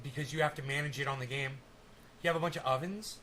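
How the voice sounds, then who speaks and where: A man with a bright, forceful, slightly high voice hosts a casual live stream. He rambles, swears freely and banters testily with his chat. There is a faint hiss of noise behind him. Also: fairly even intonation, quick pace. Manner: rambling, profane, testy banter.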